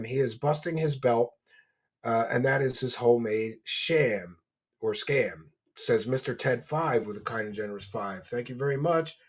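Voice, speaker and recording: A man's voice: mid-range voice, slightly rough. A man hosting a livestream, reading donations and mocking a guest in a boastful, rambling way. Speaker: livestream host.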